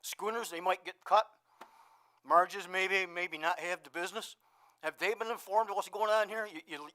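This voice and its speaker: Guy with a higher voice giving the town board a piece of his mind, blunt and pushy. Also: sharp tone. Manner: blunt, combative, emphatic. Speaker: public commenter at town meeting. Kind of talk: public comment speech.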